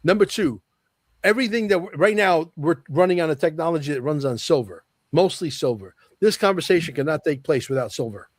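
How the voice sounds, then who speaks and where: A man's voice: fairly high pitch, lively intonation, brisk, no room sound, studio quality. A man talking as a podcast guest in a casual conversation, speaking with emphasis and repeating his key phrases to drive them home.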